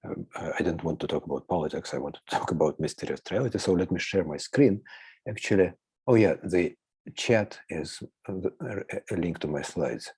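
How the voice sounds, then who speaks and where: A man with a Russian accent, native Russian speaker, giving a seminar lecture over a video call, halting with frequent pauses and fillers. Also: low voice, a little mellow, husky, no echo.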